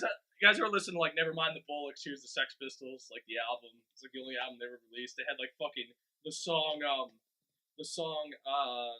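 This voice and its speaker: A young man co-hosting a casual podcast chat, excitable and swearing. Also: fairly high pitch, poor audio. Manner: excitable, swears, slips into loud impressions. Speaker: podcast co-host.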